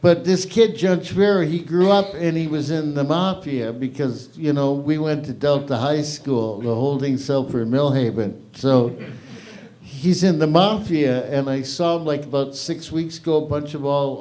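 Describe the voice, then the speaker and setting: Man hosting open mic, stand-up comedy, brash and profane, fairly high voice, live club. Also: mellow. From Hamilton, Canada. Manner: brash, profane, quick asides to the crowd. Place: comedy club stage with audience.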